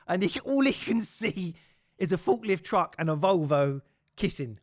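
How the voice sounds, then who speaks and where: A man's voice: sits high, a little slow, no room sound, studio quality. A man hosting a casual chat, telling swear-laden stories with acted-out quotes. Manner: swears freely, animated storytelling with acted quotes. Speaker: podcast host.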